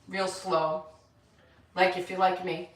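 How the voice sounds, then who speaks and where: Speaking slowly in a lowish voice with little pitch movement, an older lifestyle host livestreams from a home room with a mirror. She counts off exercise reps and rambles about her day, her voice distant and echoey.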